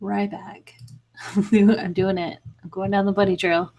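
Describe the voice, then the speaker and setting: A young woman co-hosting a podcast in casual chat, giggly and quick to laugh. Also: mid-range voice, little pitch movement, a little mellow. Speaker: podcast co-host.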